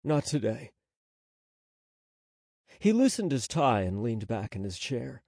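Slow husky guy reading an audiobook, calm measured delivery. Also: mid-range voice, no room sound, clean studio sound. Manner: measured, unhurried storytelling. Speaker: audiobook narrator. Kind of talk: scripted narration. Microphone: close studio mic.

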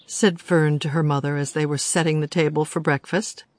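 A woman narrating a children's story audiobook in a steady, measured way. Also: sits low, no room sound.

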